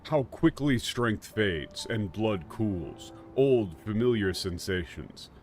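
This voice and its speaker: A man voicing a weary ancient male villain, reciting slowly and gravely in a low, dramatic voice. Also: lively intonation, darkish tone, faint music behind. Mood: grim, contemptuous.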